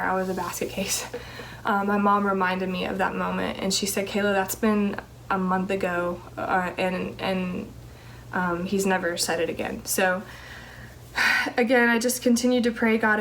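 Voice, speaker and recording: A young woman who is a teacher shares an earnest personal testimony about her ministry calling, with lots of fillers and restarts. Her voice is mid-range, and the rough recording has slight background noise.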